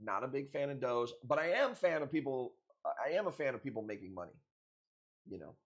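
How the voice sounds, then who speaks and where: A man's voice: mid-range voice, sing-song, a little fast. A man hosting a live coral sale stream, chatting casually with viewers in a loose, profane, joking way. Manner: loose, profane, joking banter with frequent laughs.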